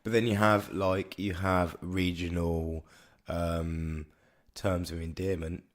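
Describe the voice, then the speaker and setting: A man's voice: deep voice, little pitch movement, slow pace. A young man with a Birmingham accent, co-hosting a casual podcast chat, rambling and hesitant with many restarts. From Birmingham, England. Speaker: podcast co-host.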